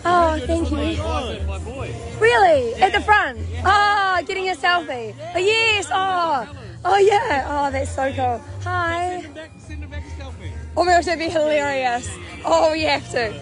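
A young woman with a New Zealand accent and a hoarse voice, chatting bubbly and casually as she vlogs on a phone at an outdoor protest camp. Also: extremely high pitch, animated, slow pace, fairly bright tone. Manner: bubbly, chatty, laughs often. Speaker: vlogger. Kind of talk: casual walking vlog. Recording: crowd chanting and music behind.

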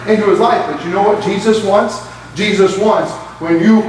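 Man, pastor, sermon, high voice, long church reverb, faint room noise. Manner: preaching with rising emphasis and quoted asides. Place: church sanctuary. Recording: echoey church hall from far off.

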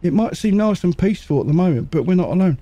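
A man casually commentating a game as he plays, muttering to himself and making quick jokes. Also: high voice, expressive, mellow, no room sound. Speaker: gaming channel host. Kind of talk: casual let's-play commentary.

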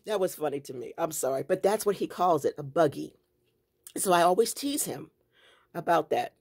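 A woman's voice: low-pitched, lively intonation, normal speed, darkish tone, husky. A woman giving a chatty, rambling tour of her home craft room, often breaking into laughter. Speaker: planner and journaling vlogger.

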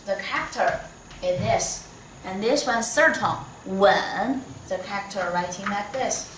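Chinese-accented lady teacher, slow and patient, echoey room, a bit far off. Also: mid-range voice, lively intonation, fairly bright tone, slight background noise. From China. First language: Mandarin Chinese. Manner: patient, slow, encouraging, with modelled tones. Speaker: Mandarin teacher. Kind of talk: online language lesson. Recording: echoey room, voice slightly off-mic.

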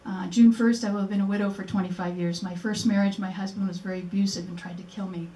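An older woman speaks fast in a mellow, medium-pitched, steady voice at a memorial event held in a museum presentation room. Earnest throughout, she acts out the dialogue she remembers while telling her story. The mic is distant and the room echoes.

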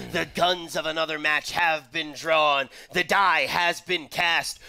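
A man calls an online pet battle match like a showman, full of flourishes and silly asides. His voice is bright and pitched a touch high. He keeps the commentary playful throughout. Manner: theatrical, jokey play-by-play with dramatic flourishes. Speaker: tournament caster.

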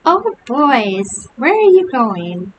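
A woman voicing a wild, clowning young boy who chants in a shrill sing-song, over a hissy recording. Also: very slow, heavily acted. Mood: mock girlish. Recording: steady hiss behind the voice.

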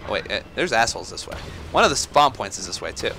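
A man giving let's play commentary on a shooter game, excitable, swearing and yelling at enemies. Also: fairly low pitch, fast talker, gravelly, a little hiss or hum. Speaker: gaming YouTuber.

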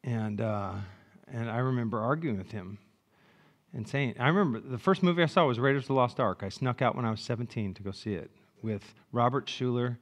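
A man in his sixties, a pastor preaching a sermon with animated, joking storytelling that swings from loud asides to hushed reflection. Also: medium pitch, fairly quick.

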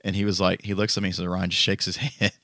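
A man, a firefighter and co-host, telling lively work stories in a casual chat and laughing at himself. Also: sits low, fast talker, no echo, clean studio sound. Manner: lively anecdotes with self-deprecating laughs.

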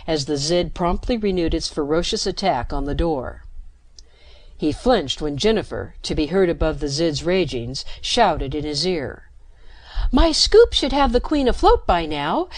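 A woman's voice: low-pitched, a little mellow, no room sound. Dry-voiced woman narrating a story. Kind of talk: scripted narration.

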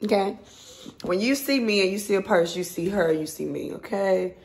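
A woman vlogger, chatting excitedly to her viewers as she unboxes a purchase. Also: mid-range voice, normal speed, reverberant. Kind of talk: casual unboxing chat.

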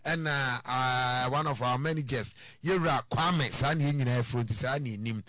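Bright-voiced radio host. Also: male voice, medium pitch, moderate pace, no echo. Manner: effusive, lots of thanks and shout-outs. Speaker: radio presenter. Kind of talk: radio talk show hosting.

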